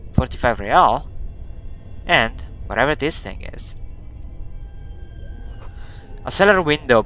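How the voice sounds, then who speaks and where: A man's voice: medium pitch, fairly bright tone. A man playing a video game, reading its text aloud and thinking aloud in a hesitant, musing way. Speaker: let's play gamer.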